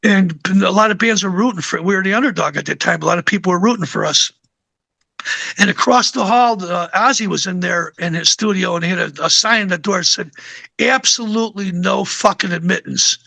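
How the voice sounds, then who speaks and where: An older male musician tells a long, rambling story with plenty of fillers. His voice sits high for a man, with a bright, gravelly edge. The sound is dry and close. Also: a little fast, dry recording. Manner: rambling anecdotes with many fillers. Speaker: guest musician. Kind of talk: casual interview storytelling.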